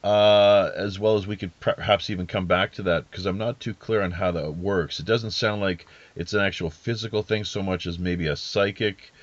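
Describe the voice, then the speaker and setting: A man's voice: sits low, steady tone, normal speed, hardly any pauses, no echo, lo-fi sound. A man hosting a podcast interview, talking casually in a rambling, hesitant way with many fillers and restarts. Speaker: podcast host.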